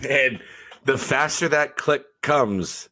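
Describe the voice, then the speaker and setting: A man's voice: medium pitch, slow. A middle-aged man, a teacher and football coach, telling jokey stories in casual podcast chat. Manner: animated storyteller, jokey.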